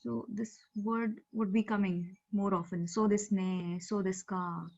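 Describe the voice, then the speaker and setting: Brief: female teacher, patient and explanatory, mid-pitched, heard over a dull video call. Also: fairly even intonation, measured pace, creaky, darkish tone. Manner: patient, explanatory, with frequent fillers. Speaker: Japanese language teacher. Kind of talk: online language class.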